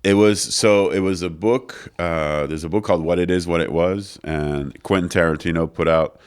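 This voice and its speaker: A man's voice: low voice, moderate pace, clear, resonant tone. A middle-aged man, telling stories as a guest in a studio interview, acting out the dialogue. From France. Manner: animated storyteller, acts out quoted dialogue, many fillers. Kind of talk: casual storytelling interview. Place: recording studio.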